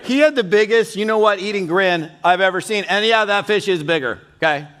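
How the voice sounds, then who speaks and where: A middle-aged man speaking from a conference stage in a high, ringing voice. He tells folksy stories in an animated way and acts out the people he quotes. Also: fairly quick. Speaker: keynote speaker. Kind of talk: motivational keynote storytelling.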